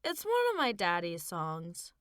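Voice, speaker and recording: A woman voicing an eager, chatty little boy with a high, bouncy voice in an audiobook reading. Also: huge pitch swings, measured pace, no echo, clean studio sound, heavily acted. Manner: bright, bouncy, high-pitched.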